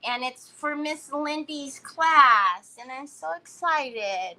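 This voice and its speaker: A woman's voice: sits high, animated, slow, pushed and bright, poor audio. A woman hosting a casual crafting livestream, chatting, laughing and greeting viewers by name.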